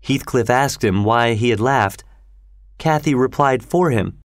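A man narrating a classic novel in steady, measured audiobook storytelling. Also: medium pitch, no room sound, clean studio sound.

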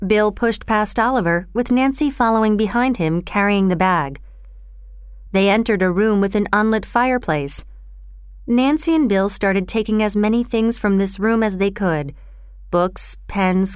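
A woman narrating a storybook in an even, clear reading manner. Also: medium pitch, unhurried, no room sound, clean studio sound.

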